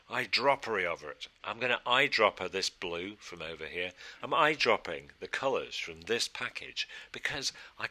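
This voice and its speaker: Male design instructor, chatty and self-talking, slightly low voice with a sharp, very bright edge. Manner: chatty, thinks aloud, asks and answers his own questions. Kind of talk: casual screen-recorded design tutorial. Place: studio.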